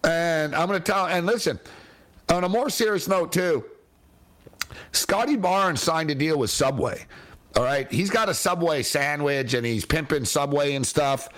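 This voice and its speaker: A man's voice: on the high side, a little slow, fairly bright tone. A man hosting a casual sports talk show, chatty and slangy, laughing often between points.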